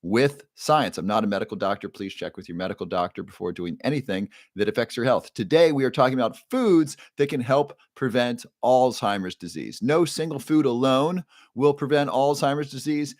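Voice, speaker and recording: A man's voice: medium pitch, expressive, brisk, no room sound, studio quality. A man hosting a casual live stream as a neuroscientist, upbeat, greeting viewers by name and often restarting his sentences.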